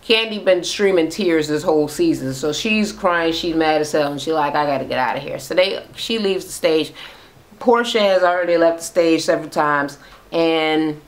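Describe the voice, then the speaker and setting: Blunt, profane woman with a lowish voice. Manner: blunt, profane, gossipy retelling with acted-out quotes. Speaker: reality TV recap vlogger. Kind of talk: casual recap rant.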